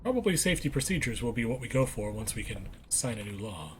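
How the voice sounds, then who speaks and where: A man's voice: mid-range voice, big pitch swings, fast, background noise. Man reading game text aloud. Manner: reads on-screen text aloud, corrects himself. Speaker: let's play gamer. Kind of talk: casual gameplay commentary.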